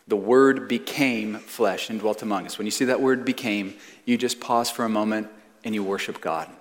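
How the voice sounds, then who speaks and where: Male pastor, 30s, emphatic sermon delivery, mid pitch, long hall reverb. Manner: earnest, emphatic preaching with slow stressed phrases. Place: church sanctuary.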